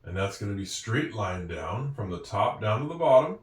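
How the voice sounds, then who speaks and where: A man's voice: fairly low pitch, very animated, normal speed, far from the mic. A man giving a patient, step-by-step handwriting lesson, with a few self-deprecating asides. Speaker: teacher. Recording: echoey room, voice a bit off-mic.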